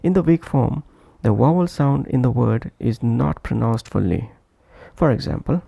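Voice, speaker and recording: A man narrating an English pronunciation lesson, speaking deliberately and repeating example words to show where the stress falls. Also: medium pitch, animated, creaky, warm tone, husky, no room sound. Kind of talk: slow scripted lesson narration.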